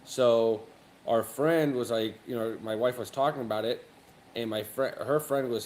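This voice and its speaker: A man tells a personal story on a casual panel in a relaxed, rambling way, full of fillers and restarts. A faint hum of background noise sits under his voice. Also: medium pitch, moderate pace. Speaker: guest on open panel.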